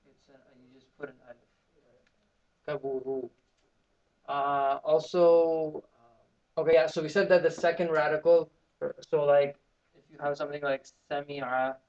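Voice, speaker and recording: A man's voice: on the high side, a little mellow. A man teaching beginners Arabic in a classroom, drilling students with call and response. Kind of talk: classroom lesson. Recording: muffled lo-fi classroom recording.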